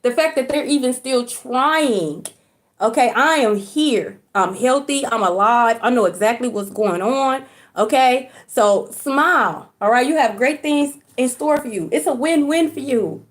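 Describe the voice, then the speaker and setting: A woman's voice: high voice, a little slow. Chatty woman reader checking in with "okay?". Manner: chatty, repeats "okay?" often; colloquial, curses casually. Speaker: spiritual reader on a livestream. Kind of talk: casual livestream talk to viewers. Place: at home, indoors.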